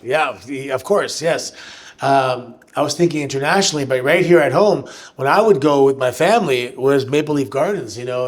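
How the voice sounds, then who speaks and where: A man answering fan questions at a live show, telling animated stories with frequent restarts. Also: medium pitch. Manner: animated, chatty storyteller who restarts sentences. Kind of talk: live on-stage storytelling Q&A. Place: live show venue with audience.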